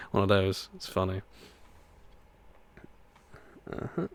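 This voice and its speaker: A man's voice: sits low, expressive, moderate pace, fairly bright tone. A man streaming a racing game live, rambling chattily and laughing often at his own jokes. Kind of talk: live gameplay chat. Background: game music.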